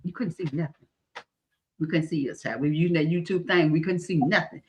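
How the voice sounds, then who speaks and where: A woman's voice: sits low, a little fast, darkish tone. A middle-aged woman hosts a casual live-stream chat, talking folksy and calling listeners honey and baby. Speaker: host.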